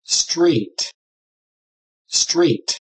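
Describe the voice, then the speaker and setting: A woman reads out practice words clearly and repeats each one. Her pitch rises and falls a lot, and she speaks very slowly. She sounds a little distant from the microphone. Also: animated. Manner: says each word or phrase twice, clearly. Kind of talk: slow repeat-after-me drill.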